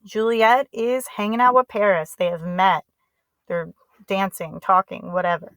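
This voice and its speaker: A woman's voice: mid-range voice, steady tone, unhurried, fairly bright tone, no echo, rough recording. A woman teacher giving a casual, chatty lesson summary in slangy everyday speech.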